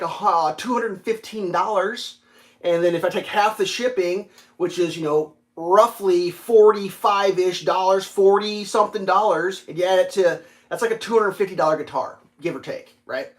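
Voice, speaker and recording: A man telling a rambling, profane story on a casual livestream, full of fillers and restarts. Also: high voice. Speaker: livestream host.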